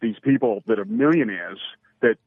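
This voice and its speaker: A Massachusetts man calls in to a radio talk show, speaking heatedly and tripping over his words with many restarts. His mid-range voice is sing-song, creaky, and breathy-edged at normal speed, coming through a tinny, dry phone line with no room sound.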